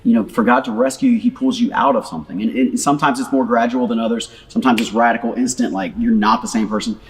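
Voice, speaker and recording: A man's voice: mid-range voice, steady tone, quick pace, slight background noise. A man co-hosting a casual church talk show, joking and bantering. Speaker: co-host pastor. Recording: distant, reverberant room.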